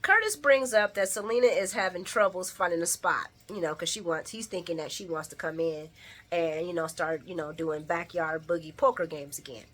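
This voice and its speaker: A woman's voice: lowish voice, moderate pace, fairly bright tone. A woman giving a casual recap of a soap episode, chatty and slangy, laughing often. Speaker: soap opera recap vlogger.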